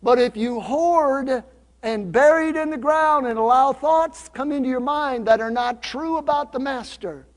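Man, pastor, high voice, playful and teasing, sermon in a church, long hall reverb. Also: measured pace. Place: church sanctuary.

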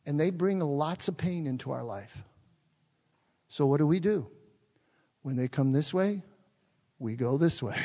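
A man's voice: fairly high pitch, animated, a little slow, long pauses, dark tone. A man preaching a sermon as pastor in a church, talking conversationally and putting questions to the congregation. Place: church sanctuary. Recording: long reverb of a large hall.

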